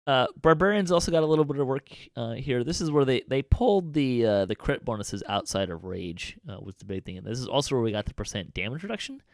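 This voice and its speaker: A man's voice: medium pitch, very animated, fast, few pauses, dry recording, clean studio sound. A man hosting a casual podcast roundtable, talking with many ums and restarts. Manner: hesitant, many fillers and restarts. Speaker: podcast host.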